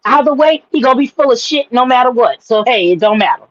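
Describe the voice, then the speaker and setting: Brash, high-voiced profane woman. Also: expressive, fast talker, no echo, muffled recording. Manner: brash, profane, rambling with repeats. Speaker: podcast co-host. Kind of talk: casual profane chat.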